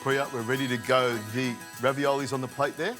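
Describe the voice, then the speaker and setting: A man's voice: mid-range voice, little pitch movement, brisk, music in the background. A middle-aged man, a chef hosting a cooking demonstration, chatty and playful as he explains each step. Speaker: chef host.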